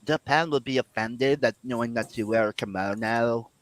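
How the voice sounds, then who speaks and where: A man's voice: mid-range voice, moderate pace, rough recording. Rambling, profane casual man. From Canada. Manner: rambling, profane, many fillers and restarts. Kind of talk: casual chat among friends.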